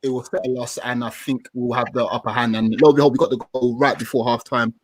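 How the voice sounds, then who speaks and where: Male podcast guest, mid-pitched, dry close sound, slangy match breakdown. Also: fast, no room sound. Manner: animated, slangy, swears casually. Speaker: podcast guest, football fan. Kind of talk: casual match analysis.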